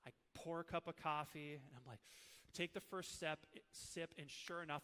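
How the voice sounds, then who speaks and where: A man in his thirties, a preacher from Minnesota, teaching with animated, emotional personal stories. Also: a little high, brisk, clean tone, long reverb tail.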